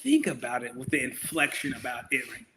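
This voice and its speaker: A man's voice: mid-range voice, very animated, fairly quick, bright, forceful tone, slight background noise. A man co-hosting a podcast in casual chat, bantering in a profane, incredulous way.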